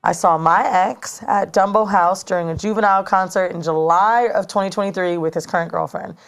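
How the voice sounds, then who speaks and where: A woman in her thirties telling a story in casual chat as a podcast co-host, animated and slangy, recorded in a studio. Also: fairly low pitch, a little fast. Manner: animated, slangy, dramatic retelling.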